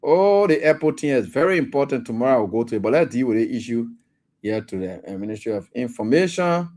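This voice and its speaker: A man with a Liberian English accent hosting a radio talk show. He reads a government statement aloud and comments on it in a mocking, animated way. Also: medium pitch, quick pace. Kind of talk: live call-in commentary.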